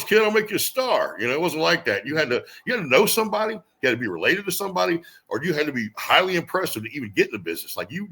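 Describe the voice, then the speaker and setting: A middle-aged man tells his story at a quick clip, his voice husky and bright. He swings his pitch widely and acts out other people's lines as he goes. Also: low-quality recording. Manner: animated storyteller who acts out quotes, swears freely. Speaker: guest wrestler. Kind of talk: storytelling interview.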